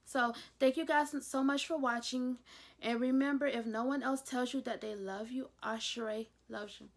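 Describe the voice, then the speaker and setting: A woman's voice: sits high, fairly even intonation, moderate pace. A young woman chatting casually through a TV episode recap as a reviewer, retelling scenes with gossipy asides. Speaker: YouTube reviewer.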